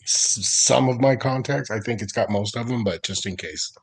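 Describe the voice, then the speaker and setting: A man's voice: mid-range voice, moderate pace, creaky, slightly rough. A man from the United States chatting casually and laughing often as he tells a story, heard over a video call. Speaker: participant in an online group chat. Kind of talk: casual chat.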